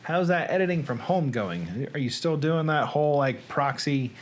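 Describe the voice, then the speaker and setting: A man's voice: fairly high pitch, expressive, normal speed, slight background noise. Chatty man hosting from home. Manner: chatty, greeting viewers by name. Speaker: host. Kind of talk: casual livestream chat. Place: home editing room.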